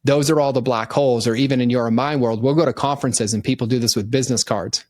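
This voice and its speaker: A middle-aged man talks through business ideas in relaxed, conversational podcast style. He brings his points to life by acting out customers in quick, animated voices. His voice sits in a middle range and is recorded close and dry. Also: medium pitch, dry recording. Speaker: podcast guest, marketing consultant.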